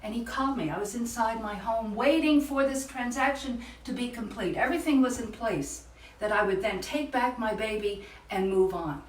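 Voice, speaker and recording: A woman around seventy, an author and motivational speaker, telling a reflective faith-based story with many pauses. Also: fairly high pitch, a little hiss or hum. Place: event room. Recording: echoey room, far from the mic.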